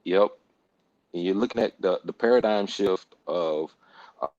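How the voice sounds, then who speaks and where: A man's voice: low-pitched, a little slow, a little mellow, no room sound, lo-fi sound. A man hosting a casual group talk, speaking emphatically and repeating words for stress, with casual slang and profanity. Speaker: podcast host.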